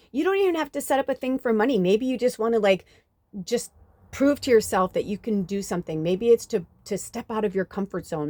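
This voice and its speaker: A woman's voice: medium pitch, dark tone, dry recording. A woman hosting a spiritual reading channel, telling a story in a loose, chatty way with lots of fillers and casual swearing. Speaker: spiritual reader, channel host.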